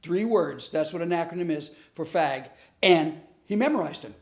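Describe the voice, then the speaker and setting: A man's voice: fairly high pitch, normal speed, echoey room. A middle-aged man teaching a lesson on bullying through stories, acting out the dialogue as he tells them. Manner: animated storyteller acting out dialogue. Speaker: comedian teaching a class on bullying. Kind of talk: storytelling lesson.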